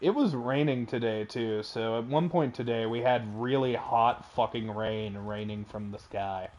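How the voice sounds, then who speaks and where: A man's voice: medium pitch, measured pace, darkish tone. A man hosting a casual game stream, joking around and swearing freely at a home desk mic. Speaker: streamer host.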